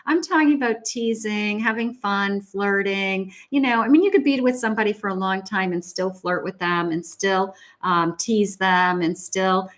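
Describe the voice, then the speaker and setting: A woman's voice: mid-range voice, a bit bright. A middle-aged woman giving a live tarot reading, chatty and encouraging, laughing often and repeating her phrases as she talks to viewers. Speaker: psychic tarot reader. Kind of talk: live tarot reading, casual advice talk.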